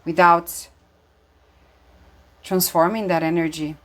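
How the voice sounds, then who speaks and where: A woman tarot reader, her voice on the low side and a bit bright, takes it slowly with fairly even intonation during an intuitive reading. She is earnest and emphatic, with frequent fillers and restarts, and sounds emotional and moved.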